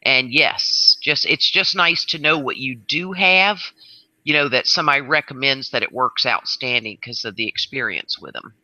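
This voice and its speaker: A woman on an online panel jokes in a brash, salty way. Her voice has a very sharp, bright edge. It sounds close and dry. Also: very deep voice, normal speed, no room sound, dull audio. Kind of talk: casual online panel chat.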